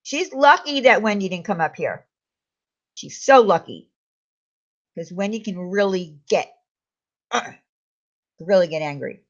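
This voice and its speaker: This streamer has a medium-pitched, animated voice that moves a little slowly and stops often. Hosting a relaxed live stream, she reads out comments, reassures her viewers, and calls them by name in a chatty way, all over slightly muffled lo-fi sound.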